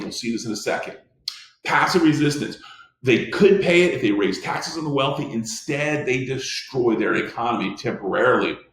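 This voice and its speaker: A man's voice: mid-range voice, echoey room. A man teaching a history lecture in an emphatic way, often restarting his sentences. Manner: emphatic, many restarts and fillers. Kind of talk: recorded classroom lecture.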